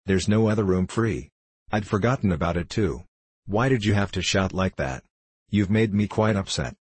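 A man's voice: sits low, expressive, moderate pace, husky, dry recording. A man reading as a weary young woman lodger. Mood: alarmed.

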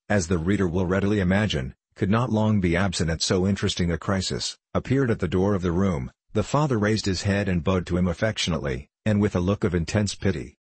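A man reads classic literature aloud in a steady, formal, unhurried manner. His voice is low and somewhat husky, and the recording is close and dry with no room sound. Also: dry recording. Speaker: audiobook narrator. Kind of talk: scripted narration of a classic novel.

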